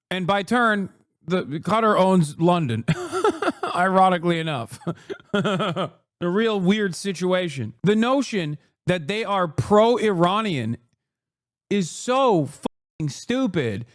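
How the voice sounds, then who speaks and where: Brief: male streamer, fiery profane rant, high voice, dry close sound. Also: no echo. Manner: heated, profane ranting. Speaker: streamer host. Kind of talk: live-stream commentary.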